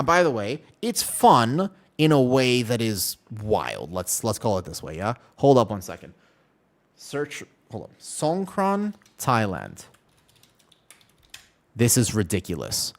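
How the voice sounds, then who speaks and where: A man streaming a game live, chatting casually and animatedly with his viewers, with keyboard typing behind him. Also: medium pitch. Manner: chatty, animated, talks to chat by name. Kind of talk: casual live-stream chat while gaming.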